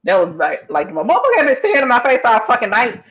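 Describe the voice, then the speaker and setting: A woman's voice: a little high, wildly swooping pitch, racing, a bit bright, slight background noise. Blunt woman cohost, lo-fi sound. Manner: blunt, profane storytelling. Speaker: podcast co-host. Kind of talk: casual chat.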